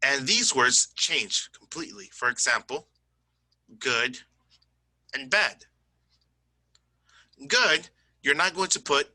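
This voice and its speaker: A man's voice: mid-range voice, animated, takes it slowly, long pauses, sharp tone, no room sound, poor audio. A man teaching an English grammar lesson over a screen recording, explaining step by step, often checking in with "okay?" and owning small slips. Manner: self-correcting, says "my bad".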